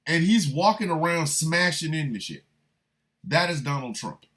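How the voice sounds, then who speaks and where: A man hosting a livestreamed radio talk show, riffing in a loose comic way and shouting out listeners by city. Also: on the high side, expressive, normal speed, a little hiss or hum. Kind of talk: livestreamed political comedy talk.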